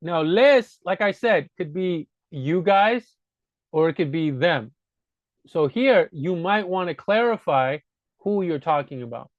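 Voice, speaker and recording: A man with a slightly high voice walks through grammar points in a relaxed teaching style, patiently going back over each idea. The recording is dull and lo-fi, with a dry sound and no room echo. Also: unhurried. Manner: patient, repeats points to drive them home. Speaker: language teacher. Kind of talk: casual spoken grammar lesson.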